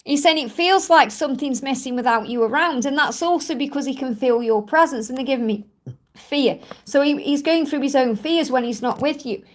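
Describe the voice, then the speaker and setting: A woman with a high, light voice hosts a live card reading and answers viewers' questions. She sounds soothing and keeps calling each viewer honey. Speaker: tarot card reader.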